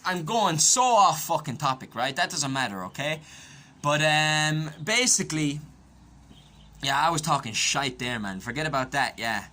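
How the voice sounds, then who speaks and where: A man's voice: mid-range voice, bright, forceful tone. An Irish man giving a rambling, profane, conspiratorial comedic monologue and punctuating it with constant "right?" asides. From Ireland. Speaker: podcast host.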